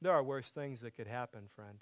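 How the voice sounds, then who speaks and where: A man preaching a sermon as pastor, moving between emphatic loud passages and hushed quiet ones. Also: medium pitch, a little fast, no room sound.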